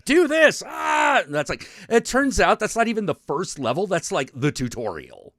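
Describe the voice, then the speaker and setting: A man's voice: on the high side, normal speed, no echo, clean studio sound. A man hosting a stream show, casually retelling a video game with lots of swearing. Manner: animated storytelling, frequent swearing and restarts.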